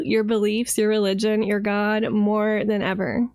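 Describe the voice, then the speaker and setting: A woman's voice: fairly high pitch, steady tone, moderate pace, few pauses, darkish tone, no echo. A woman from the United States who streams as a vtuber, delivering a heated, profane and sarcastic reaction rant.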